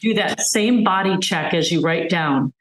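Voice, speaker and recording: A woman's voice: on the low side, a little slow, echoey room, rough recording. A woman physician giving a webinar talk, earnestly explaining with everyday examples over a video call. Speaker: physician guest speaker.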